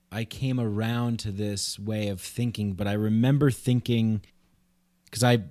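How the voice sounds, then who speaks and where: Low-voiced man, rambling podcast chat. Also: steady tone, measured pace, warm tone, dry recording. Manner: rambling, full of "like" and "you know". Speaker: podcast host. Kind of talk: casual conversation.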